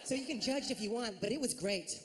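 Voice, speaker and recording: Woman, stand-up comedian, animated storytelling, slightly high pitch, background noise. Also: fairly quick. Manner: animated storytelling with acted-out voices.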